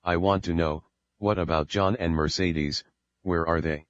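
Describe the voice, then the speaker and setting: A man voicing a calm, comforting middle-aged mother in an audiobook, in a steady low voice on a dull recording. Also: measured pace, dry recording. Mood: reassuring.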